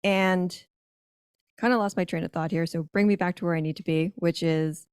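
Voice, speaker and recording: A woman with a lowish, dark, clear and resonant voice speaks at a normal speed with fairly even intonation. As a podcast guest who owns a granola business, she tells her business story emphatically and conversationally, often correcting herself, in clean, dry studio sound.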